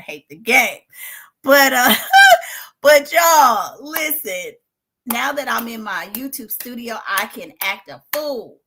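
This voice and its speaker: This is a high-voiced, middle-aged woman streaming from a home studio in a spare bedroom as she covers a trial. Her excitable commentary is theatrical: she shouts, laughs loudly and exclaims, then falls to a near whisper.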